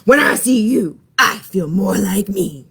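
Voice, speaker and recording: A woman reading a storybook, voicing a small, bold female bunny who talks loudly and boastfully. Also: medium pitch, animated, unhurried, gravelly, husky, full character voice. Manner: loud, brash, boastful.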